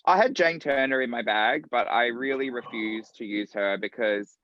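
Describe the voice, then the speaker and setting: A man with an Australian accent, a drag performer talking as a guest in a casual interview, animated and quick to laugh. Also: mid-range voice, lo-fi sound, slight background noise. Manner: animated, laughing, acts out quotes.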